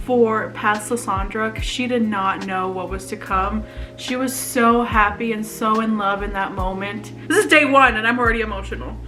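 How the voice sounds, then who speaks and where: Her voice is medium-pitched, bright, and forceful: a vlogger in her twenties chatting confessionally. Reading her old journal out loud, she turns emotional and breaks into nervous laughter.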